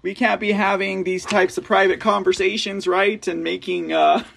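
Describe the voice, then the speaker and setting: A man's voice: sits high, fairly even intonation, unhurried, creaky, fairly bright tone, breathy edge. A man hosting a live show, chatting casually and rambling, laughing often, recorded on a phone. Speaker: host.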